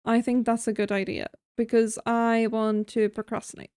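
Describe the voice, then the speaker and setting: A woman's voice: fairly high pitch, little pitch movement, moderate pace, a little mellow, clean tone, dry recording, studio quality. A woman streaming a game, chatting casually and thinking aloud while she builds, mocking herself now and then. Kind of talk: casual gameplay commentary.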